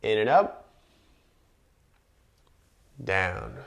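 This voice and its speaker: A man leading a guided breathing and movement class, calmly cueing each inhale and exhale, with chatty asides between cues. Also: lowish voice, very slow, vocal fry. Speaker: movement instructor.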